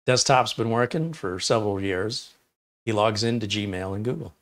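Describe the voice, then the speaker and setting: A man's voice: lowish voice, moderate pace, fairly bright tone. A man hosting a live tech stream, reading viewer chat and giving opinionated, enthusiastic answers. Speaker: livestream tech host.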